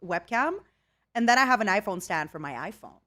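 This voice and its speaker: A young woman hosting a casual chat on her stream, giggly and animated, laughing often. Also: mid-range voice, fairly quick, crowd noise. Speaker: VTuber host. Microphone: XLR microphone.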